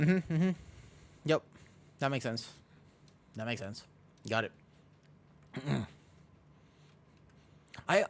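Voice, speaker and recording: A man streaming a game, chatting casually in a rambling, self-mocking way, with many restarts and laughs. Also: mid-range voice. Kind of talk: casual live-stream chat while gaming.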